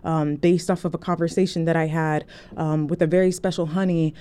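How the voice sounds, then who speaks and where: A woman telling a casual story to her phone, chatty and animated, often checking in with "okay?". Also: deep voice, fairly quick, clear, resonant tone. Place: indoors, recording on a phone.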